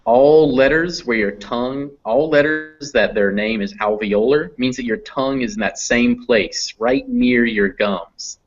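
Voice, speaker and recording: A man's voice: medium pitch, unhurried, few pauses. Patient man teaching phonetics online. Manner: patient, explanatory, with fillers. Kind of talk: live online class explanation. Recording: dull lo-fi online class audio.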